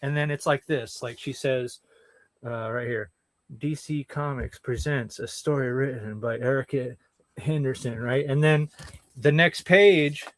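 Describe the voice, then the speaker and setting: A man's voice: mid-range voice, measured pace, dry recording. A man co-hosting a casual comics review show, talking bluntly and swearing freely about what annoys him. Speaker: podcast co-host.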